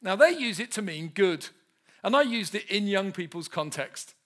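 A male preacher in his thirties, delivering a humorous sermon. His voice sits high for a man and swings widely in pitch. He tells animated, self-mocking stories. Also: moderate pace.

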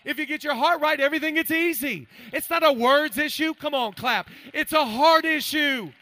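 A man in his forties preaching a sermon to his congregation, swinging between loud bursts and hushed asides. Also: very high voice, moderate pace, no echo. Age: 40s. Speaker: pastor.

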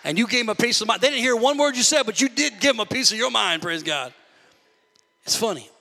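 A man preaching a sermon to his church, animated and conversational, with frequent call-outs like amen and praise God. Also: very high voice, fast talker, gravelly, in a large hall. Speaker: pastor.

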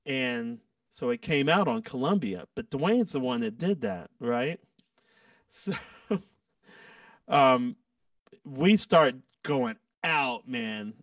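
A man, a guest musician, telling stories in a casual, animated way and acting out quoted lines. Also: medium pitch, slow, no echo, recorded from a distance. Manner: animated, acts out quotes with laughs. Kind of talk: casual storytelling.

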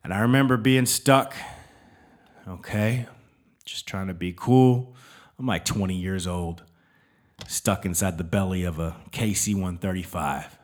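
A man's voice: deep voice, a little slow, pauses often. A man hosting a podcast, telling a casual, rambling story with lots of swearing and restarts, often checking in with "all right?". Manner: profane, rambling, with frequent restarts. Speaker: podcast host, military veteran.

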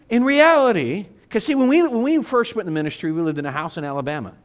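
Lively high-voiced male pastor preaching. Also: fast talker, hardly any pauses. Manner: animated storytelling with self-mocking humor. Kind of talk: sermon.

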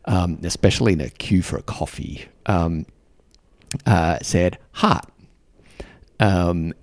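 Deep, gravelly man musing aloud. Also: a little mellow, no room sound. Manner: storytelling, self-deprecating, thoughtful. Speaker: podcast host. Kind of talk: casual reflective monologue.

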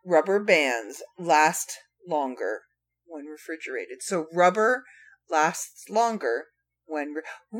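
A woman's voice: low voice, expressive, takes it slowly. A woman hosting a casual solo podcast, reading trivia facts aloud with playful, wry asides to her listeners. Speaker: podcast host.

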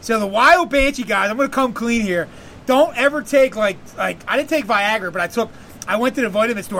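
A man's voice: high voice, expressive, fairly quick, vocal fry, fairly bright tone, slight background noise. A man hosting a podcast, telling a long profane story in a rambling casual way and laughing often. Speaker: podcast host.

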